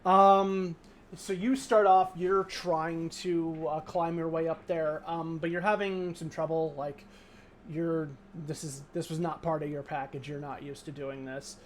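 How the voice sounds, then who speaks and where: A man's voice: fairly high pitch, steady tone, a little slow, slight background noise. A man running a tabletop game as game master, rambling through scene descriptions with many fillers and restarts.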